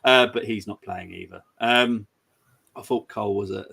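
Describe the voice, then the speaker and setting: Gravelly-voiced man hosting a football chat. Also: mid-range voice, expressive, moderate pace, a bit bright. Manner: chatty, giggly, reads out viewer comments. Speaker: host. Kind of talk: casual football preview chat.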